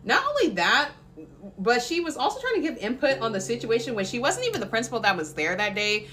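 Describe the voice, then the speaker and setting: A young woman from Oklahoma telling a casual storytime in an animated, chatty way, laughing often and filling her talk with fillers. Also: a little high, fairly quick, faint music behind.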